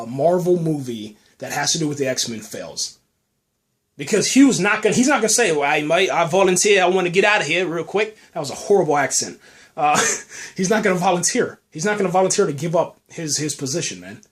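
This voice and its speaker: A man hosting a casual podcast, ranting in an animated, slangy way and tossing in "man" and "you know what I'm saying" all the time. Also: fairly high pitch. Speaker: podcast host. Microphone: podcast mic.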